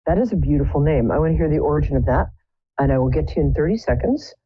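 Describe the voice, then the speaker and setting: A woman's voice: sits low, lively intonation, rapid-fire, slightly rough, dry recording, highs cut off. A woman hosting a live psychic show, chatting casually with wry, self-mocking jokes. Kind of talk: casual chat. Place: indoors, home.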